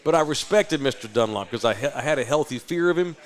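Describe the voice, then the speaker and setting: A man from Texas, hosting a live podcast and telling a loud, profane, animated story. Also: mid-range voice, fast talker. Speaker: podcast host.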